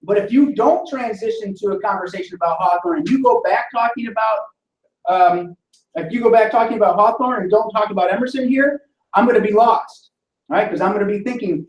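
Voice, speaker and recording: A man lectures on sentence structure, explaining patiently and tagging his points with quick questions to the class. His voice sits fairly high and sounds roomy, picked up from a distance in an echoing classroom. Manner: explanatory, checks in with "right?" often. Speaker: instructor.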